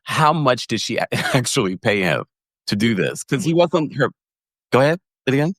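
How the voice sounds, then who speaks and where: A man's voice: medium pitch, sing-song, moderate pace, a bit bright, no echo, studio quality. A man hosting a podcast, playful and gossipy in casual chat, often laughing. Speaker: podcast host.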